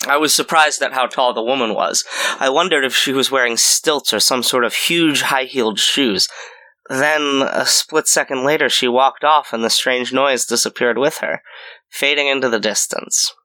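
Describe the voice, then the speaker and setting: A man reads a horror story in the first person with measured pacing. His voice is bright and forward, at an ordinary pitch. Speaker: narrator. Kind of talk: scripted horror story narration.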